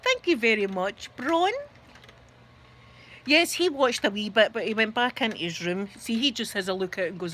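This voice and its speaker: A middle-aged Scottish woman hosting a live stream, telling funny stories in a casual, animated way and often laughing. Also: a little high, normal speed, a little hiss or hum. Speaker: livestream host. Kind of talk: casual storytelling.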